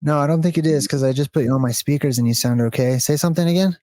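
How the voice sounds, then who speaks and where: A man's voice: fairly high pitch, very fast, mellow, no room sound. A man chatting casually during a gameplay session over a voice call, thinking aloud as he explains ideas. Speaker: co-host of a gaming video.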